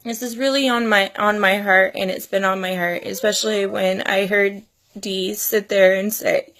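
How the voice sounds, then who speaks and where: A woman's voice: mid-range voice, steady tone, moderate pace, a bit bright. A woman vlogger in her thirties talking earnestly and tearfully about her children and family, pleading with parents. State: crying at times. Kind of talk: emotional personal vlog.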